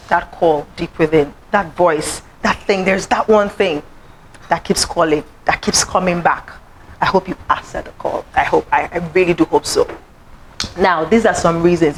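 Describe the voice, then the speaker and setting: Woman, motivational speaker, lively storytelling talk at an event, faint hiss behind. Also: low-quality recording. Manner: animated, acts out quoted voices, rising to high exclaims. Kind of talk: inspirational talk to a live audience. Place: event room.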